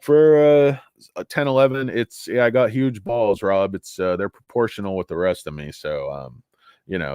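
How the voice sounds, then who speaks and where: Animated, joking stock-stream host. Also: male voice, medium pitch, no echo, clean studio sound. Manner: rambling, joking, profane, reads chat comments. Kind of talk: casual livestream chat.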